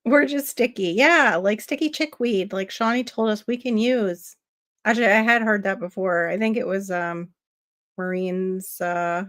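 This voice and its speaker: A woman's voice: medium pitch, fairly bright tone, no room sound, clean studio sound. A woman from Florida with a nasal voice hosts a casual gardening livestream, chatting with viewers and answering their comments aloud. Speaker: livestream host.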